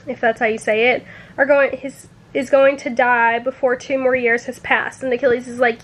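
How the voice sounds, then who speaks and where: A woman's voice: high voice, steady tone, normal speed, fairly bright tone. A woman talking casually in a reading-reaction vlog, full of "like" and openly emotional about the book, swearing when upset. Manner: chatty, says "like" a lot. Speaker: book vlogger.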